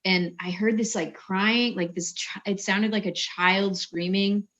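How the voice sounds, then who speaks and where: A woman's voice: medium pitch, steady tone, unhurried, a bit bright. A woman chatting over a call, telling a story with quoted asides. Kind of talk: casual video-call chat. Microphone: phone or video call.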